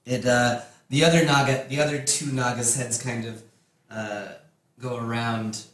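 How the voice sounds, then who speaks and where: A man narrating as game master in a casual tabletop session, pausing with many fillers as he describes the action. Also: medium pitch, flat delivery, fairly bright tone. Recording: echoey room with faint background noise.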